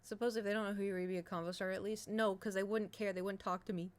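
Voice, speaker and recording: A woman's voice: medium pitch, flat delivery, quick pace. A woman streamer, rambling in casual chat to her viewers and cursing now and then. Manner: rambling, restless, swears casually.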